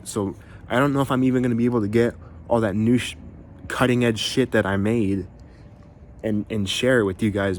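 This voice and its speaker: Exasperated rambling low-voiced man. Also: slight background noise. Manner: rambling, exasperated, heavy swearing and fillers. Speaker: musician vlogger. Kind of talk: frustrated venting to camera.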